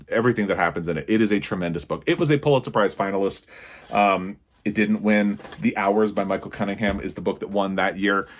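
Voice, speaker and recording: Guy doing a book vlog, lowish voice, gets all excited and trips over his words. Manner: excitable, gushing, stumbles over words when thrilled. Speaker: book vlogger. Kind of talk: casual book review to camera.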